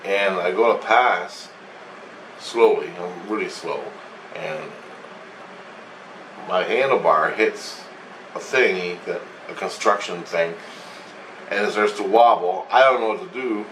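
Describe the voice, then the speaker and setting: A man's voice: low-pitched, slow pace, long pauses, fairly bright tone. A man casually recounting a dream, meandering and swearing freely as he goes. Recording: echoey room, distant mic, faint hum.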